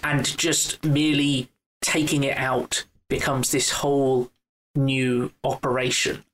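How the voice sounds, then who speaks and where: A man's voice: mid-range voice, level tone, takes it slowly, a bit bright, low-quality recording. A man co-hosting a casual film discussion, thinking aloud with frequent restarts and repeated words. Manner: hesitant, many restarts.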